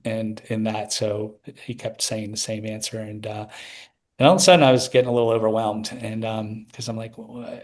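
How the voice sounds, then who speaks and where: A middle-aged man telling a personal story as an interview guest, rambling with many restarts. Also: fairly low pitch.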